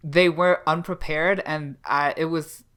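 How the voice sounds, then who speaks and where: Bright, clear-voiced woman chatting casually. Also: sits low, a little slow. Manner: animated, laughs often, many fillers. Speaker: podcast co-host. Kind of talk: casual chat.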